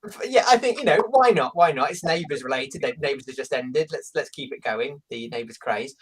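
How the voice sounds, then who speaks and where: A man's voice: mid-range voice, expressive, a little fast. A man guesting on a casual podcast, laughing often and telling stories with animation.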